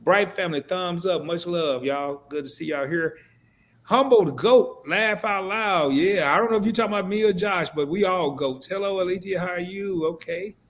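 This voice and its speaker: A man's voice: high voice, fairly quick, few pauses. A man hosting a live stream, reading viewer comments aloud and joking with his co-host in casual banter.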